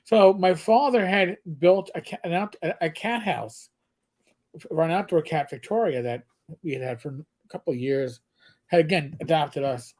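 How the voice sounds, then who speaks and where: Animated man chatting on a livestream. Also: on the high side, moderate pace. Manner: animated storyteller, frequent restarts; reads viewer comments aloud. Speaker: livestream co-host. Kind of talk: casual livestream chat.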